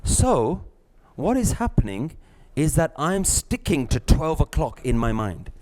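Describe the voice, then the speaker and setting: A middle-aged man, teaching a live class, lively, acting out little scenes and laughing often. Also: a little high, measured pace, hardly any pauses. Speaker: spiritual teacher.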